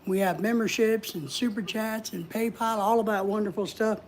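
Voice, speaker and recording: A woman's voice: mid-range voice, normal speed, darkish tone, slight background noise. A woman hosting a casual livestream, chatting in a rambling way and reading viewer comments aloud. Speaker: livestream host.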